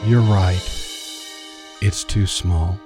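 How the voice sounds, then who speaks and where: Polite, hesitant shopkeeper voiced by a man reading a tale, low voice, over music. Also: steady tone, normal speed, close to an everyday voice. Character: stunned, apologetic male bell shop owner.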